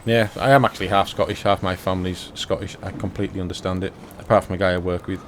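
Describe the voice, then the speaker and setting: A man's voice: deep voice, fairly even intonation, fast, slight background noise. A man giving casual commentary while playing a farming game, chatty and thinking aloud to himself. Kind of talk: casual let's-play commentary.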